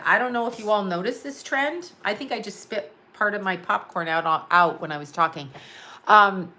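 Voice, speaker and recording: A bright-voiced woman talks loosely on a live stream from home. She rambles, laughs a lot and swears with blunt, unfiltered energy. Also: medium pitch. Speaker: psychic and astrologer answering live chat. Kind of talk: casual live-stream chat.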